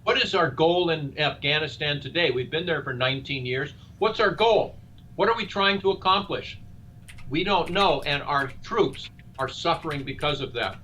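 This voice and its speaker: A man's voice: on the high side, expressive, moderate pace, pushed and bright. An older man speaking earnestly as a guest in a live interview, asking rhetorical questions like a speech. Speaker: guest, presidential candidate. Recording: dull lo-fi sound with faint noise.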